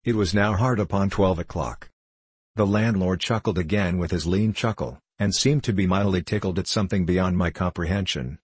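A man reading a classic novel aloud as scripted narration, in a measured storytelling delivery. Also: low voice, breathy edge, no room sound. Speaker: audiobook reader.

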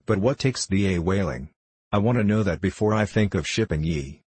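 A man voicing a gruff, suspicious old Quaker whaling captain in an audiobook, speaking bluntly in old-fashioned thee-and-thou speech. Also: low voice, lively intonation, moderate pace, darkish tone, dry recording. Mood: stern. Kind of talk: audiobook character reading.

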